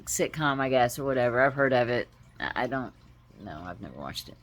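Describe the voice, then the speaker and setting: Low-voiced woman telling a heartfelt story. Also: sing-song. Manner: heartfelt, halting, with frequent pauses and restarts. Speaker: vlogger. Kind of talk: personal storytelling to camera.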